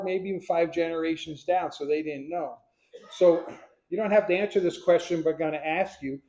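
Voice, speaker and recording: A man in his sixties from Pennsylvania telling his life story to a live audience, acting out what people said as a lively storyteller. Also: on the high side. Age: 60s. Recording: echoey room.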